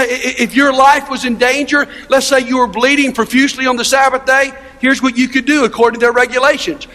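A man's voice: very high-pitched, a bit bright. A male pastor preaching a sermon in an emphatic, conversational way, asking his listeners rhetorical questions. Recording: long reverb of a large hall.

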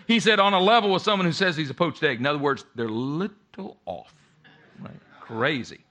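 An older man preaching a sermon as pastor, emphatic, swinging between loud peaks and quiet low drops. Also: very animated, a little fast, gravelly.

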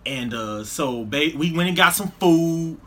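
Male co-host, high bright voice, animated slangy storyteller in a casual chat. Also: a little slow. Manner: animated storyteller, laughs through punchlines, slangy.

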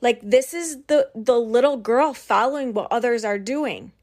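A young woman hosts her own podcast and talks through a personal story in a casual, candid monologue. Her voice sits a little on the high side. She speaks in an animated way, leans on "like" and drops the odd swear word. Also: moderate pace. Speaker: podcast host and business coach.

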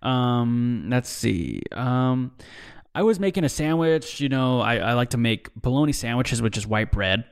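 A young man rambles through a loose solo podcast monologue in an ordinary mid-pitched voice. He swears often and drops "dude" and "bro" into nearly every thought, drifting from one gripe to the next. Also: expressive, measured pace, clear, resonant tone. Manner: profane, rambling, says "dude" a lot. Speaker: podcast host. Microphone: desk mic, seen drinking on video.

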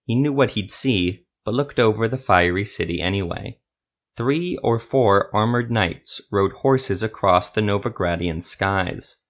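A man narrating a fantasy story in a steady, measured storytelling voice. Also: on the low side.

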